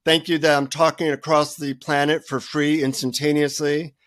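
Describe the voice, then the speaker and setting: An older man, a guest author, telling a self-deprecating story with lively energy in a radio interview. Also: a little high, normal speed, dry recording, studio quality.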